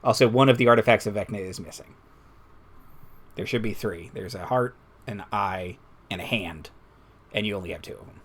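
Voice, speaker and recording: A man narrating as dungeon master, explaining the game world in a measured way with hesitant fillers. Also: on the low side, fairly bright tone, slight background noise.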